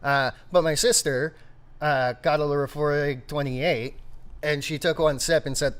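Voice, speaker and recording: A man co-hosting a casual brewery chat, jokey and animated, with loud bursts. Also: fairly high pitch, measured pace. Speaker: brewery podcast co-host.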